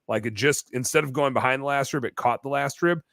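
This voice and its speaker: A man telling a long story as a podcast guest, animated and full of fillers in casual chat. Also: medium pitch, a little fast, gravelly, dry recording. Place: bar-themed podcast set.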